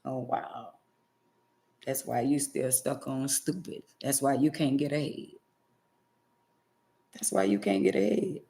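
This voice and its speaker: Addressing the camera with a very deep, gravelly, warm voice, this vlogger lectures and scolds her viewers unhurriedly, pausing often and hammering points home through emphatic repetition.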